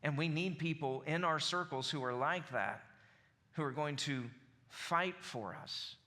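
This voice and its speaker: A man's voice: a little high, measured pace, sharp tone. A man in his forties with a Southern US accent preaching a sermon, conversational and building to emphatic bursts. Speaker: pastor.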